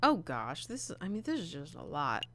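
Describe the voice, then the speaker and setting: A woman's voice: low-pitched, huge pitch swings, moderate pace, a bit bright. A woman giving casual, rambling commentary while playing a game, chatty and full of fillers. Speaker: gameplay streamer. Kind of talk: casual let's play commentary.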